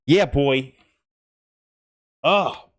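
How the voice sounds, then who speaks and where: A man reading a novel aloud on a stream, then chatting casually in an animated, joking way and swearing freely. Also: mid-range voice, drawn-out words, slight background noise. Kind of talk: storybook reading and casual chat.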